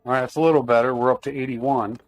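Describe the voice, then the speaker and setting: Man streamer, mid-pitched voice, relaxed running commentary to chat over faint music. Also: quick pace. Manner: chatty, talks to chat while playing. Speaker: game streamer. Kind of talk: casual live-stream commentary.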